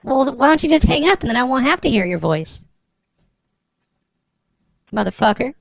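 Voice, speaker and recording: A man's voice: very animated, moderate pace, no echo, heavily acted. A man putting on the voice of a cranky, accusing woman neighbor in a prank call, blunt and stammering. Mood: scolding. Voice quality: high, gravelly falsetto. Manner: blunt, scolding, stammers a lot.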